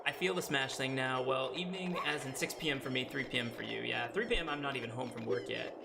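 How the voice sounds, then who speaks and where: A man's voice: mid-range voice, quick pace, creaky, heavy background noise. A man streaming a game and chatting casually with his audience, reading chat aloud and laughing often. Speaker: language teacher.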